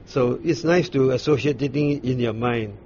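A man leads a Bible study, walking his listeners through scripture at an unhurried, searching pace with frequent pauses. His voice sits in an ordinary middle register. The recording is dull and lo-fi, with a faint hiss beneath it. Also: medium pitch, darkish tone. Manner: unhurried explaining with frequent fillers and restarts. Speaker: Bible teacher.

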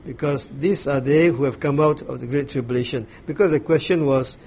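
A man giving a Bible study, explaining scripture in a measured way with frequent pauses and restarts. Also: mid-range voice, a little mellow. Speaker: Bible teacher. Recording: slightly dull recording with faint ambient noise.

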